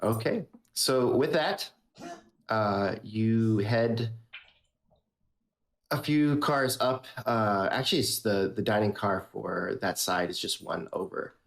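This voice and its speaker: A man running a tabletop game as game master, relaxed, with lots of fillers. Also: lowish voice, slow pace, gravelly.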